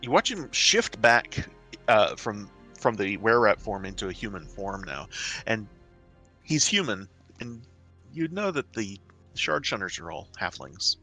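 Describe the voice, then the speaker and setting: Halting, animated male game master. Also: lowish voice, soft background music. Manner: halting, repeats words, laughs between lines. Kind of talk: narrating a tabletop game.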